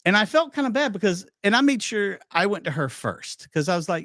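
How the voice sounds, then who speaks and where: A chatty male podcast host spins anecdotes in a casual, storytelling way, his voice sitting a little high and swinging widely in pitch. The sound is dry and close, with no room around it. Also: brisk, no echo. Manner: animated, chatty anecdote-telling with quoted dialogue.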